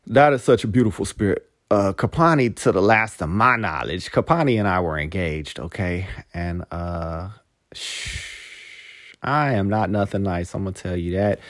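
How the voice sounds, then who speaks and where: A rambling man talking through a casual podcast monologue in a somewhat low voice, swearing freely and dropping "man" into every sentence. He turns heartfelt and choked up at times. The sound is dry and close, with no room echo. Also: lively intonation, normal speed. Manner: profane, peppers every phrase with "man". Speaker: podcast host.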